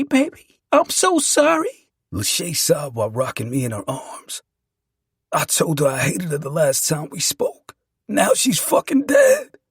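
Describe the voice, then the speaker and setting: Husky man narrating a dramatic story. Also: mid-range voice, no echo, clean studio sound. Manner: emotional, profane storytelling.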